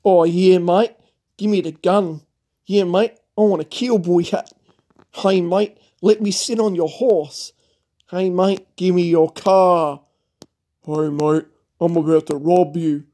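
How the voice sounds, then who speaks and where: A podcaster voicing a swaggering robber, loud and boastful. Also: medium pitch, steady tone, slow pace, close to an everyday voice. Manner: loud, boastful, repetitive "mate" patter. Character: swaggering Australian-style robber demanding things.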